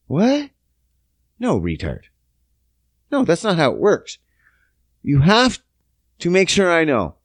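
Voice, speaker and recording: Animated, swearing man ranting on a podcast. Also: on the high side, slow pace, long pauses, dry recording, studio quality. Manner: animated, profane storytelling with acted-out quotes. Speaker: podcast host. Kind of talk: casual solo podcast rant.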